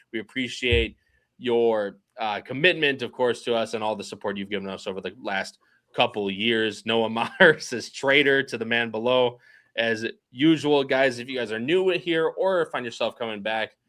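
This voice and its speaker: A man hosting a casual racing podcast, chatty and quick to laugh as he reads out the live chat. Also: medium pitch, sharp tone. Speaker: podcast host.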